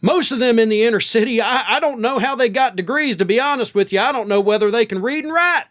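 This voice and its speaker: Guy doing a southern drawl senator voice, blunt and dismissive, kinda high. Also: fast, a bit bright. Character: impression of a blunt older Southern male senator.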